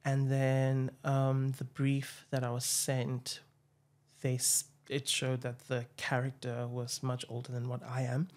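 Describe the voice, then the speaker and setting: A young man, hosting an interview in a hesitant, reflective way, with frequent pauses and fillers. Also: mid-range voice, monotone, a little mellow. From South Africa. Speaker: podcast host. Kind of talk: casual interview chat.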